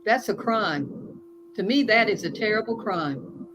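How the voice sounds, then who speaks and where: A woman's voice: mid-range voice, animated, unhurried. A woman life coach, a guest in an interview, telling stories in an earnest, emphatic way. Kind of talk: conversational interview. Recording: noisy recording.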